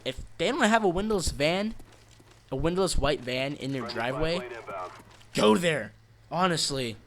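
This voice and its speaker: Brief: male vlogger, slightly high voice, rambling dark-joke delivery, noisy track with clicks and gunfire. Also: expressive, normal speed. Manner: rambling, dark-joking, self-interrupting. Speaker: channel host. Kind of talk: joking rambling vlog.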